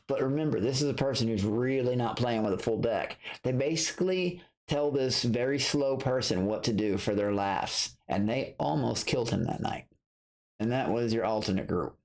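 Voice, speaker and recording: A middle-aged man talking on a late-night livestream, blunt and profane, circling back over the same points as he rants. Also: medium pitch. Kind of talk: casual late-night stream rant.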